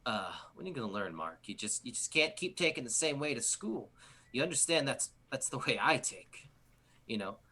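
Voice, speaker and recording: Man plays a menacing teen bully, slow threats, bright edge. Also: mid-range voice, sing-song, full character voice. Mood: taunting. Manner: taunting, drawn-out threats.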